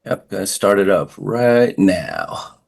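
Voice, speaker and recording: A man, the company founder, giving brief, quick replies to the host on a video call. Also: deep voice, very animated, vocal fry, a little mellow, breathy edge. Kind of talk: casual chat on a video call.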